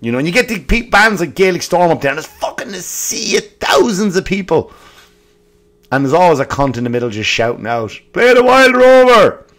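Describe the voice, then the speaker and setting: Irish male podcast comic, profane storyteller, loud bursts and muttered asides. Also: fairly high pitch, animated, brisk. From Ireland. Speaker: comedy podcast host.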